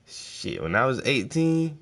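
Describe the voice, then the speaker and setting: A man's voice: medium pitch, big pitch swings, measured pace, gravelly, a bit bright. A man chatting casually while painting, telling laid-back, profane stories. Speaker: painting vlogger. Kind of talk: casual rambling chat.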